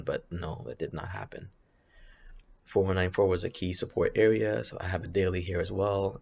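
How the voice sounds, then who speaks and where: Deep monotone guy muttering thru his trades, gravelly, bit muffled mic. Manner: hesitant, rambling, many restarts and self-corrections. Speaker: options trader streaming his chart analysis. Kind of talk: casual thinking-aloud market commentary.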